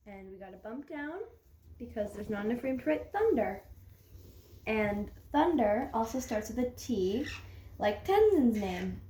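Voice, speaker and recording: A young girl leading a kids' writing lesson, sounding out each word slowly and carefully. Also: a little high, big pitch swings, dark tone. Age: child. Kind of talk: classroom writing lesson for kids. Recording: echoey room, faint noise.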